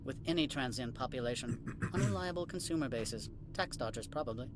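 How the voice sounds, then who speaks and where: An actor playing a curt, condescending middle-aged administrator in a video game. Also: male voice, medium pitch, fairly quick, crowd noise, close to an everyday voice. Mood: dismissive. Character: haughty middle-aged male corporate administrator.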